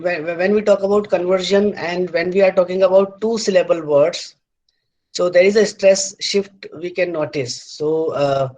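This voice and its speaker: A middle-aged man lecturing on word formation, halting often with fillers and restarts and repeating words aloud to show their stress. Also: high-pitched, a little mellow, muffled recording. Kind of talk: university lecture.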